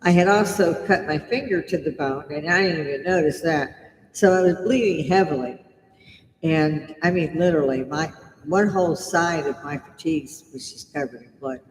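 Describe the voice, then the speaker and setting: A woman's voice: sits low, moderate pace, a little hiss or hum. An older woman in her seventies, chatting casually and laughing often as she tells stories on a live stream. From United States. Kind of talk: casual storytelling. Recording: echoey room with long reverb.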